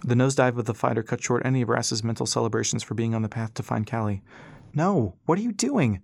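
Guy narrating an audiobook, steady, mid pitch, dry close sound. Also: fast talker, gravelly, dry recording. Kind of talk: scripted narration.

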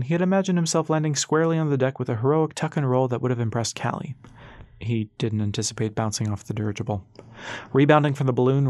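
Male audiobook narrator, mid pitch, steady and expressive, close dry sound. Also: no room sound.

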